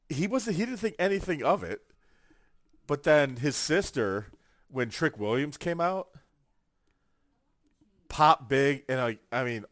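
Animated man telling live-show stories. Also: mid-range voice, no echo, studio quality. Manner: animated storyteller, acts out quotes. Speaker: podcast co-host. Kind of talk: casual chat.

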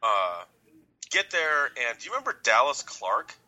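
A man, co-hosting a podcast and telling a story in an excited way. He acts out what people said and laughs often. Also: mid-range voice, unhurried, poor audio. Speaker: podcast co-host. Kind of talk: casual chat.

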